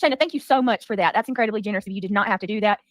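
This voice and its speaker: A woman's voice: medium pitch, very fast. A woman hosting a commentary livestream, talking in an indignant, defensive and emphatic way. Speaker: livestream host.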